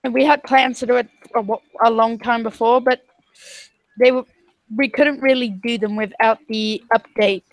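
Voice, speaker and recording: A woman joining a gaming livestream as co-player, making playful, quick remarks in casual chat. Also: fairly high pitch, fairly even intonation, no echo, rough recording. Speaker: co-player, guest.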